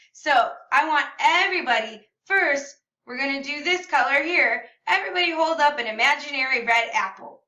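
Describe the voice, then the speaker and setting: A woman teaching a video language lesson for children, upbeat and enunciating slowly so students can repeat after her. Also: high voice, sharp tone. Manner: upbeat, slow and clearly enunciated, modeling words for repetition. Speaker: Spanish teacher. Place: classroom or room at home. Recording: echoey room, slightly far from mic.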